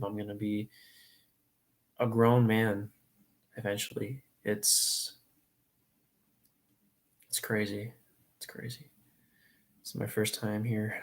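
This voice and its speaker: A young man in his late teens chats casually on a livestream, speaking to his viewers in an earnest, rambling and openly emotional way. His voice is lowish with vocal fry.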